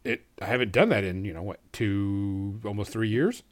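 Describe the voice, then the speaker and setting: A man's voice: fairly low pitch, normal speed. A man hosting a casual podcast chat, easygoing and rambling, with many ums and uhs. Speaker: podcast host.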